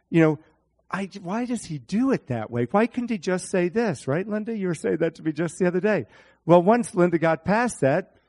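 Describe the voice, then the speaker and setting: A man preaching a sermon, animated, speaking to his congregation by name and acting out Bible scenes in different voices. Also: fairly high pitch.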